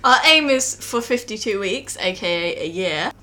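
A woman's voice: mid-range voice, animated, normal speed, bright, forceful tone. A woman from England co-hosting a podcast, chatting casually and laughing as she tells stories. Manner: giggly, chatty storyteller. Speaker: podcast co-host. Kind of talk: casual chat.

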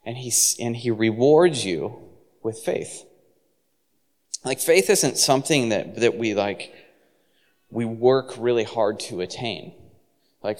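A man preaching a sermon in a relaxed, conversational way, full of fillers and restarts. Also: mid-range voice, big-room sound. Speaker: pastor.

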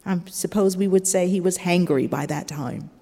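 Woman preacher, measured and earnest sermon delivery, warm low voice, long church reverb. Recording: long reverb of a large hall.

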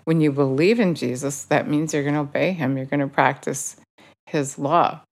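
Low-voiced woman giving an informal sermon. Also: moderate pace. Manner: conversational, self-correcting while quoting scripture. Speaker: Bible teacher.

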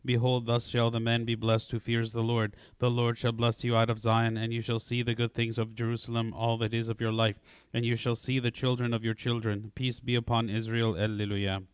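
A man leading a liturgical prayer service, reading psalms and prayers in a steady recitation. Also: mid-range voice, brisk, clean tone, no echo. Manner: steady recitation in a flat monotone. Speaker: prayer leader.

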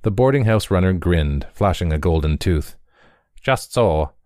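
Brief: measured male narrator, low voice, dry studio read. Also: expressive, warm tone, dry recording. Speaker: reader. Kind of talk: audiobook narration.

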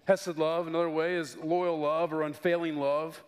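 Animated high-voiced pastor preaching. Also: male voice, normal speed, few pauses, clean tone. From Denver, United States. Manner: animated storytelling with rising excitement and playful asides. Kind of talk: sermon.

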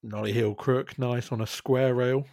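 A man's voice: mid-range voice, fairly even intonation, a little slow, crowd noise. A man casually commenting on a skate video with a co-host, laid-back and naming tricks.

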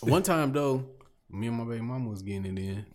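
A man's voice: mid-range voice, animated, fairly quick. A man in casual chat, telling crude stories with lots of laughter.

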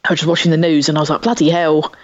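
A woman with a South London accent co-hosting a casual podcast chat, acting out the people in her stories and swearing freely. Her voice sits fairly low, and the mic sounds dull and dry, close with no room around it. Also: very fast, no echo. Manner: swears freely, animated storytelling with voiced quotes. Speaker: podcast co-host.

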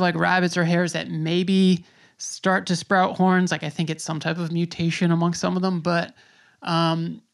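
A man's voice: high-pitched, vocal fry. A man from New York City hosting a podcast, chatting in a rambling way and laughing easily. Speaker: podcast host. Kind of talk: casual interview chat.

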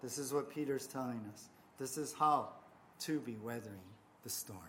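A man preaching a sermon, earnest and repetitive, swelling on key phrases and trailing softly at the ends, with stammered restarts. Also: medium pitch, moderate pace, a little hiss or hum. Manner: frequent restarts and stammered repeats. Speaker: pastor.

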